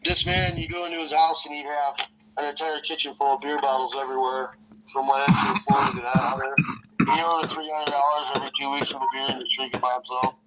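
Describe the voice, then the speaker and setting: A man's voice: little pitch movement, fast talker, heavy background noise. A man hosting a podcast, telling a rambling, profane story from northern Michigan in a loose, casual way. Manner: rambling, profane, acts out voices with big jumps in pitch. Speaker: podcast host.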